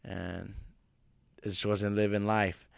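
A man's voice: on the low side, slow, gravelly, clean tone, no room sound. A man, a pro MMA fighter, telling stories in casual chat and acting out the voices of the people in them. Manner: animated, acts out voices in his stories, swears freely.

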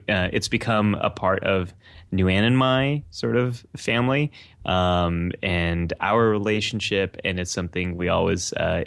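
A man's voice: low-pitched, creaky, a bit bright, no room sound, studio quality. A man hosting a podcast, chatting casually and musing in an earnest, thoughtful way. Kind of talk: casual chat.

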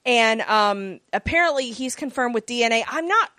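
A woman's voice: fairly high pitch, animated, normal speed, bright, forceful tone, no echo. A woman in casual chat, recapping an episode in a rambling way with many fillers. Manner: rambling, lots of fillers and laughs. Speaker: podcast co-host recapping a TV episode.

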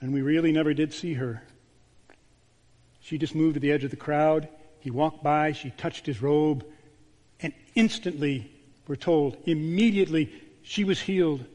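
A man, a pastor, delivering a sermon with a storytelling manner, dropping to a hushed voice on key words. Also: fairly high pitch, normal speed, pauses often. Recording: long church reverb.

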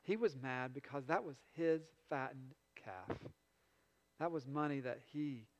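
A man preaching a sermon, retelling a story with lively swings between loud passages and quiet asides. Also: mid-range voice, measured pace. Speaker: pastor. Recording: long reverb in a large hall.

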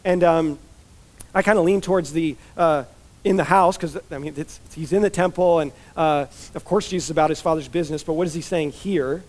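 A man's voice: a little high, a little mellow. A man giving a conversational expository sermon as a pastor, chatty and informal, full of "like" and "you know" asides.

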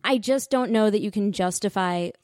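A woman's voice: medium pitch, no echo, studio quality. Wry woman, podcast co-host. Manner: wry, deadpan jokes, quick asides. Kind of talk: casual sports chat.

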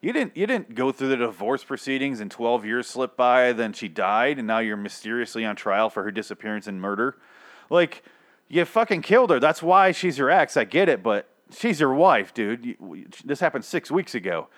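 Brief: male host, mid-pitched, sarcastic and profane, ranting in exasperation. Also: sing-song, normal speed, fairly bright tone. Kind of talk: casual comedic rant.

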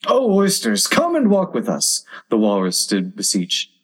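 A man's voice: medium pitch, expressive, unhurried, breathy edge. A man voicing a sly, sentimental old walrus with a grand, coaxing manner.

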